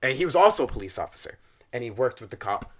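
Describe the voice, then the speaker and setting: A man's voice: mid-range voice, fast talker. A young man on a podcast, animatedly and profanely ranting through a comedic film review. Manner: animated, exaggerated, profane storytelling. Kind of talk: casual comedic rant.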